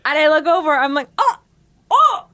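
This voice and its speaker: A woman's voice: on the high side, big pitch swings, normal speed, fairly bright tone. A woman playing a chipper middle-aged man in denial about his separation, talking in a forced sing-songy cheer in an improvised comedy sketch. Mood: rambling.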